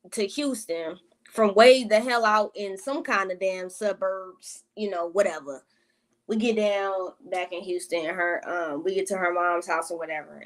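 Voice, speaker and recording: A woman vlogger with a mid-range, slightly bright voice tells a casual storytime. She's profane and exasperated, dropping slangy asides and quick hellos to her viewers.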